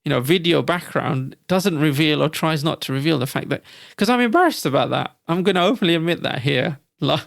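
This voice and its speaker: A man co-hosting a casual podcast, his voice carrying a gravelly fry. He talks in a reflective, hesitant way and often restarts his sentences. The sound is dry and close, with no room around it. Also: on the high side, lively intonation, a little fast, hardly any pauses, no room sound. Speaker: podcast co-host.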